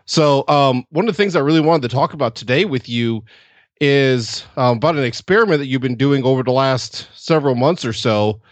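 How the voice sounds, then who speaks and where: A man hosting a podcast, asking his guest open questions in a relaxed way with some fillers. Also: mid-range voice, brisk, dry recording. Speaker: podcast host. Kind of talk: interview questions.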